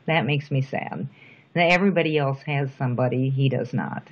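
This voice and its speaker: A middle-aged woman speaking softly and reflectively in a personal interview, with thoughtful pauses. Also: rumbling low. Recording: dull lo-fi recording.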